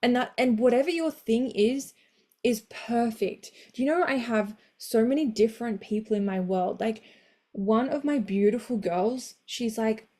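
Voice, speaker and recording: Woman, motivational coach hosting live; warm mellow voice, energetic, blunt, swears freely. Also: fairly high pitch, measured pace. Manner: energetic, blunt, swears casually, cheers listeners on.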